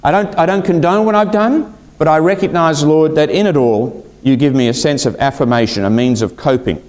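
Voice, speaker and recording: A male pastor delivering a sermon with plenty of expression. His voice climbs when he acts out what people say and sinks to a near hush on key words. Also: fairly quick. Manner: expressive preaching, acting out quotes with big pitch swings and hushed drops.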